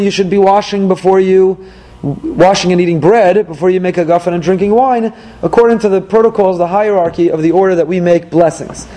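A rabbi giving a Torah class to a group, his voice sitting high for a man yet soft and mellow in tone. He leads with strings of rhetorical questions and slips in dry jokes as he explains. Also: low-quality recording. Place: class room in South Florida.

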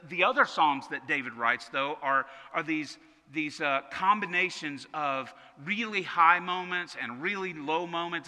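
Man, pastor, sermon, very bright forceful voice, conversational, reverberant church hall. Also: a little high. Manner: conversational, repeats words as he restarts.

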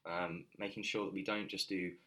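Man, very low voice, casual podcast chat, fitness coach who rambles with fillers and restarts. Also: flat delivery, normal speed, fairly bright tone. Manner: loose and conversational, many fillers and restarts.

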